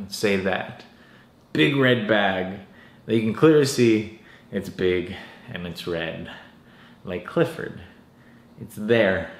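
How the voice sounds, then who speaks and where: A drained young fitness vlogger talks in a deadpan, self-mocking way, swearing offhandedly. His voice sits a little low, and the room around him rings with echo. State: drained and lightheaded from dieting. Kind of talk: casual vlog talk. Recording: echoey room.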